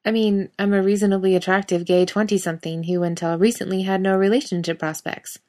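A woman's voice: mid-range voice, flat delivery, quick pace, darkish tone, lightly acted. A woman voicing a playful, teasing young man in a storybook reading.

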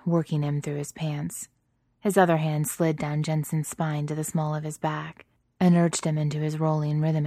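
A woman reads erotic fiction aloud in a soft, intimate, steady way, with breathy whispered touches. Her voice sits low and mellow with little melody. The recording is close and dry. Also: no echo. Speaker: narrator.

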